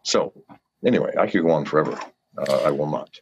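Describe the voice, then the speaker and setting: An older man giving an interview, fiery and profane, swinging from low mutters to shouted pleas. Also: quick pace, slight background noise. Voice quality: gravelly and husky. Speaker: guest. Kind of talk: impassioned interview rant. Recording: dull lo-fi call audio.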